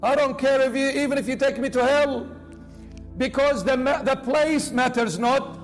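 A man's voice: very high-pitched, moderate pace, soft background music. A man preaching a sermon with dramatic emphasis, acting out the voices of the people he quotes.

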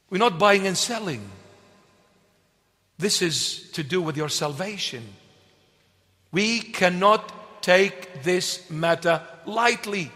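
A male preacher delivers an emphatic sermon in a fairly high voice. He speaks slowly, hammering points home with repeated questions he answers himself. His voice rings out with a long reverb, as in a large church hall. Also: expressive, pushed and bright. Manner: emphatic, repetitive call-and-response preaching.

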